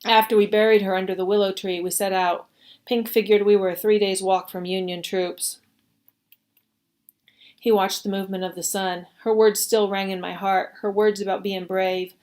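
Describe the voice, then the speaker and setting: Brief: woman storyteller, mid-pitched, expressive and steady read-aloud. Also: moderate pace. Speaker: reader. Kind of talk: reading a story aloud at a service.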